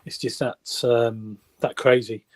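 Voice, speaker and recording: A man on a football fan show, a quick co-host who keeps agreeing and adding his take. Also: mid-range voice, level tone, a little mellow. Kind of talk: casual football chat.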